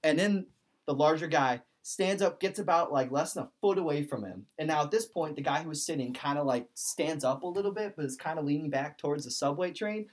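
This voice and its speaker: A man's voice: a little high, fairly quick. A young man telling a story in a casual chat, rambling with many fillers and acting out what people said. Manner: rambling, lots of "like", quotes people in voices. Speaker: podcast host.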